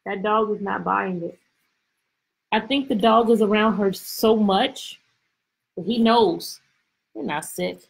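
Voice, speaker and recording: A woman teacher reading a picture book aloud to her class over a video call, expressive and full of questions. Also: mid-range voice, takes it slowly, creaky, long pauses, breathy edge, poor audio. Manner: lively, expressive, stretches words, asks questions. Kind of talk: storybook read-aloud lesson.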